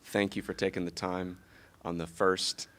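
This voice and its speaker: A man hosting an interview, with frequent murmured agreement and halting fillers between phrases. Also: deep voice, little pitch movement, fairly bright tone. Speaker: host.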